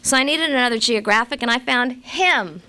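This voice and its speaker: Bright, self-mocking woman from Los Angeles. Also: on the high side, normal speed, clear, resonant tone. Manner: wry, self-mocking humor. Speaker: recovery meeting speaker. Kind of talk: personal storytelling talk to a live audience.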